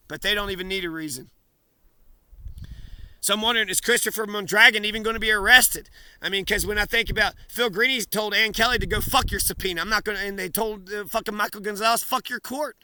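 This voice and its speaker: A man's voice: sits high, fast, pushed and bright, smooth, dry recording. A man in an angry, profane rant to camera, swearing and hurling accusations.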